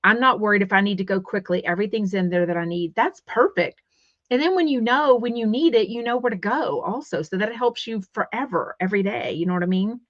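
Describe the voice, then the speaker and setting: A woman from Texas hosts a casual chat show, rambling along at a quick clip with many restarts. Her voice sits in a middle pitch. The sound is close and dry, slightly dulled. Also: no echo, highs cut off. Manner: rambling, quick, reads listener comments aloud. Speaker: podcast host.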